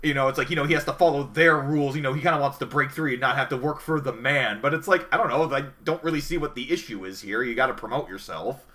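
A man's voice: medium pitch, quick pace, few pauses, pushed and bright. A man co-hosting a casual review podcast, talking in a rambling, hesitant way with many fillers. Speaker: podcast co-host. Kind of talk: casual anime review chat.

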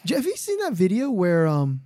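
A man's voice: high-pitched, wildly swooping pitch, brisk, mellow, dry recording, studio quality. A man hosting a podcast in casual chat, easygoing and telling stories. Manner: easygoing, storytelling. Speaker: podcast host.

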